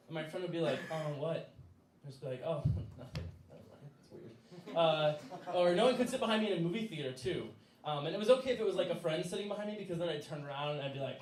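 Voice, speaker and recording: A young man telling a personal story live on stage, casual and laughing, with many fillers. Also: on the high side. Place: stage in a small venue. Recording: echoey room from far off.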